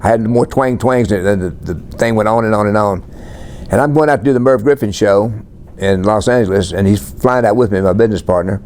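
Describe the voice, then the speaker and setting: In his 80s, this country singer speaks in a warm, fairly deep voice, unhurried and plainspoken. Relaxed as he tells stories in the interview, he runs through lists in a laid-back, matter-of-fact way.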